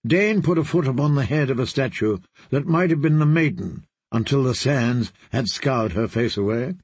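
A man's voice: medium pitch, moderate pace, hardly any pauses, husky, dry recording. A man narrating an audiobook, reading expressively and giving every character a voice.

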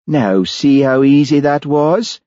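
A wry Scottish Highland policeman, as a man narrating the story plays him, teasing and dry. His lines lift higher and swing in pitch. The recording sounds dull and lo-fi. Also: lively intonation, takes it slowly, warm tone, dry recording.

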